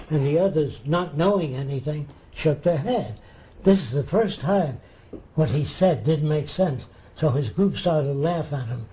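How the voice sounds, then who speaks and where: Older man telling animated stories, dark-toned. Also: fairly high pitch, poor audio. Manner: animated anecdotes, acting out quoted voices. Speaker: interview guest. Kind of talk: storytelling in a TV interview.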